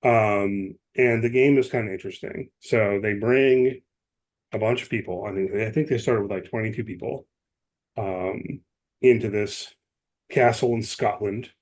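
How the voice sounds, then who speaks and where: A man's voice: fairly low pitch, a little slow, a little mellow. A man co-hosting a podcast, explaining at length in casual chat, with many asides and restarts. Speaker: podcast co-host.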